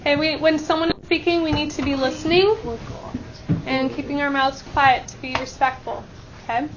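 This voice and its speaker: High-pitched upbeat woman teaching a class. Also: noisy background. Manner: upbeat, brisk, call-and-response countdowns. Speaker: math teacher. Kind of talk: classroom instruction. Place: school classroom. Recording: dull lo-fi classroom recording with student chatter.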